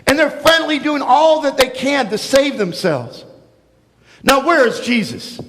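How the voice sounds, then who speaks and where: High-voiced man preaching in a reverberant church. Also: normal speed. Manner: animated storytelling, acting out voices. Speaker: pastor. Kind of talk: sermon with a children's story. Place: church sanctuary.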